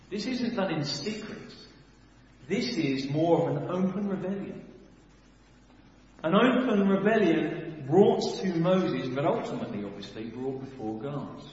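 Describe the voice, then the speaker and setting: Animated preacher in an echoey hall. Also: male voice, a little high, a little hiss or hum. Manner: animated, rhetorical questions, dramatic swings in volume. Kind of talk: sermon. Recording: echoey hall, dull sound.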